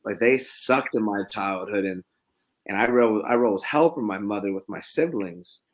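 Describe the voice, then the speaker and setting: A middle-aged man with a slightly low voice, talking in a relaxed podcast chat. He tells his stories reflectively, often stopping to restart a sentence. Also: moderate pace. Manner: reflective, storytelling with many restarts. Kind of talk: casual podcast conversation.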